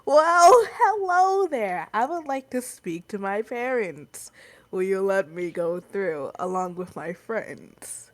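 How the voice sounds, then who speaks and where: A woman's voice: high voice, fairly even intonation, slow. A woman voicing a nervous young princess in a tabletop game, trying to sound persuasive while asking to be let through. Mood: sweet-talking.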